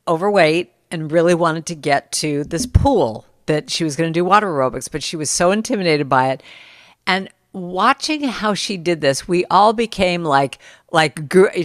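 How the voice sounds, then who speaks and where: A middle-aged woman telling stories as a guest in a casual podcast conversation, lively when she quotes others. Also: fairly low pitch, dry recording, clean studio sound. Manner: storytelling, animated when quoting others.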